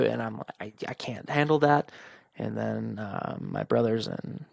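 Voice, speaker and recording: A man's voice: on the low side, wildly swooping pitch, unhurried, creaky, slightly rough, no room sound. A young man hosting a podcast, talking candidly and informally about his own life, quoting friends and family and swearing at times. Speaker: podcast host. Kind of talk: personal monologue.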